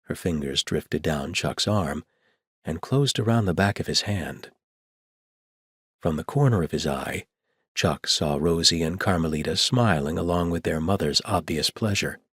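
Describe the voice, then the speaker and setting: A man narrating an audiobook in a steady storytelling delivery, on a close studio mic. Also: low-pitched, measured pace, husky, no echo. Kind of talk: scripted narration.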